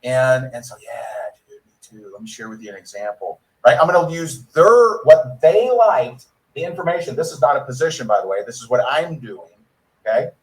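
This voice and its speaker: A man's voice: mid-range voice, sing-song, fairly quick, recorded from a distance, low-quality recording. A man giving a network marketing training and acting out sample conversations with prospects. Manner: conversational, acts out sample dialogues. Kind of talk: sales training talk.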